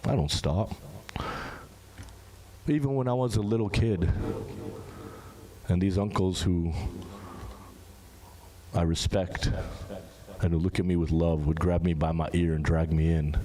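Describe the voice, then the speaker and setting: A man's voice: unhurried, pauses often. A young man giving an informal sermon to a large gathering, talking to the audience in a conversational way and asking them questions. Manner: conversational, asks the audience questions, animated rises in pitch. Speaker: speaker at a Muharram gathering. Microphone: handheld microphone. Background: crowd of listeners.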